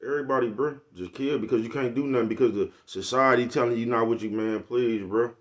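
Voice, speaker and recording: A man's voice: mid-range voice, fast talker. An older man, giving a blunt, preachy, profane motivational monologue to his viewers. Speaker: vlogger.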